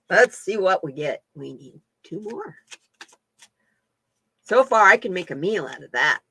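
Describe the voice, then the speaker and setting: A woman's voice: lowish voice, lively intonation, unhurried, a bit bright, breathy edge, dry recording. A woman hosting a casual live-stream chat as a card reader, folksy and laughing often.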